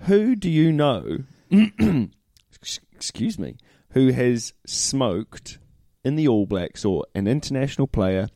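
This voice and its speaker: A man's voice: mid-range voice, big pitch swings, slow pace, gravelly, warm tone, dry recording, studio quality. A middle-aged man co-hosting a casual sports chat, laid-back and matey, often tossing questions back. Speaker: podcast co-host.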